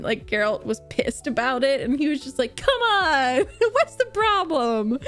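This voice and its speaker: A young woman streams a casual chat with her viewers, her voice sitting a little high as she gushes and laughs between thoughts. She takes her time and lets each remark unfold slowly. Soft music plays faintly underneath. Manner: gushing and animated, laughs often, answers chat comments. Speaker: streamer reacting to a book series.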